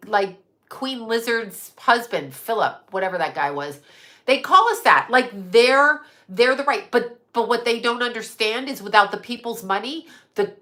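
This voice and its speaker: A woman's voice: medium pitch, bright, forceful tone. A woman hosting a livestream, ranting heatedly with lots of swearing and rambling restarts. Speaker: livestream host. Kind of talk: unscripted livestream rant.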